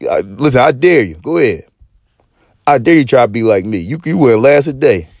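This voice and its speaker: This man's mid-range, darkish voice moves briskly with lively intonation, captured in a dry, studio-quality recording. Hosting a podcast, he goes on a profane, rambling rant in casual slang, full of swearing and frequent restarts, with a preachy street-slang delivery.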